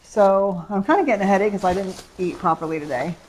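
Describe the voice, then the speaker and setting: A woman's voice: medium pitch, quick pace, darkish tone, slight background noise. A middle-aged woman, chatting casually at home on camera about a shopping haul, rambling from story to story. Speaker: vlogger. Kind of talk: casual haul vlog chat. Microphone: camera mic.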